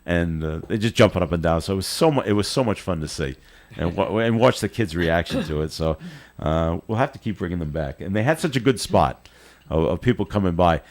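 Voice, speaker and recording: A male radio host telling a long, animated story in a casual on-air chat, often restarting his sentences. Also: low voice, brisk. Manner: rambling, animated anecdote with frequent restarts. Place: radio studio.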